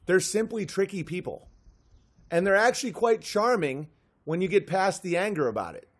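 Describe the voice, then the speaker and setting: A man delivering a comedy monologue in an animated way, often dropping into character voices. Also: sits high, moderate pace.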